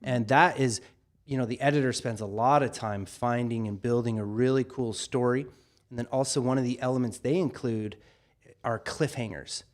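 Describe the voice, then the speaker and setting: A man hosting a casual livestream, answering viewer questions and thinking aloud with frequent pauses. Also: mid-range voice. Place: studio in North Carolina.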